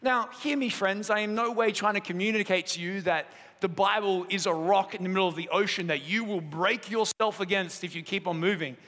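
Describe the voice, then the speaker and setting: A man's voice: sits high, fairly quick, hardly any pauses. A man preaching a sermon as pastor, telling stories and joking lightly with the congregation. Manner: lively storytelling, jokes with the room. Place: church auditorium. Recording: long hall reverb in a church auditorium.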